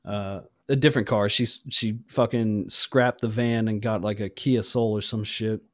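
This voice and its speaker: A man telling rambling, profane stories in casual chat, slipping into shrill voices for people he quotes. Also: fairly even intonation, a little slow, no echo, studio quality.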